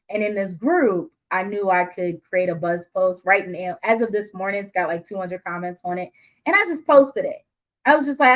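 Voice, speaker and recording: Woman coach, mid-range voice, unscripted and candid, quick to laugh. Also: mid-range voice, rough recording. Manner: lively, laughs often, slangy and candid. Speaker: business coach. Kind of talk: casual unscripted teaching.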